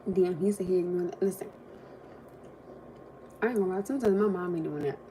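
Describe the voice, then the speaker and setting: Young woman rambling on a phone livestream, mellow voice, acts out everybody, bit of room hiss. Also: on the low side, brisk. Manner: animated, acts out quotes, laughs often, eats while talking. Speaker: livestream host. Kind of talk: casual storytelling on a livestream.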